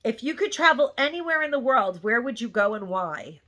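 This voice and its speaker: A middle-aged woman hosting a casual haul vlog with a bright, forward tone and a somewhat high voice. She gushes over her finds and rambles freely, peppering her talk with "like" and "um". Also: expressive, a little fast, muffled recording. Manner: gushing, rambling, lots of "like" and "um". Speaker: YouTube haul vlogger. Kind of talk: casual chatty haul review.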